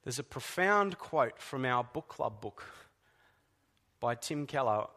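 A man preaching a sermon in a deliberate, emphatic way, dropping to soft, hushed words at times. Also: medium pitch, lively intonation, big-room sound. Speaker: pastor.

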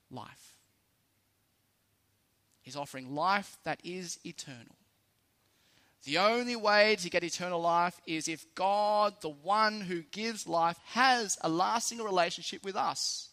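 A man's voice: high voice, unhurried, pauses often, bright, forceful tone. A man with an Australian accent preaching a sermon in a conversational, lightly humorous way, stressing key phrases.

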